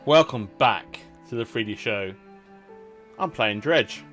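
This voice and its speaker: A gaming YouTuber with a cold, whose voice is medium-pitched and fairly bright, gives casual let's-play commentary. He rambles and chats, often restarting his sentences.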